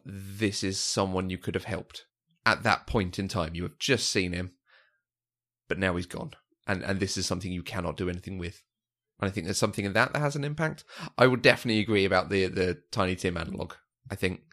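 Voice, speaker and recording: A man's voice: sits low, a bit bright. A man co-hosting a film discussion, talking thoughtfully and casually and repeating words as he thinks. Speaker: film review podcast co-host.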